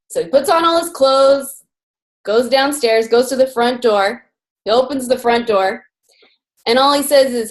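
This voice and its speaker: A woman's voice: fairly high pitch, moderate pace, darkish tone. An upbeat woman hosting a video call, telling a joke in a casual, chatty way. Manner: upbeat, tells a joke with acted voices. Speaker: call host.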